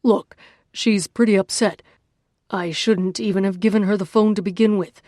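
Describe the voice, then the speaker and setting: A woman's voice: medium pitch, fairly even intonation, normal speed, dark tone, no room sound, clean studio sound, lightly acted. A woman reading as a blunt, weary man. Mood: exasperated. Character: man, gruff and tired, on the phone. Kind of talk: audiobook dialogue reading.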